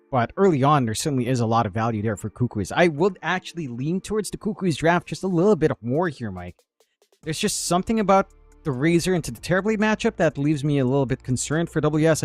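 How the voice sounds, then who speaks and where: A man's voice: medium pitch, no echo. A man commentating a live esports match, breaking down the game analytically and joking with his co-caster.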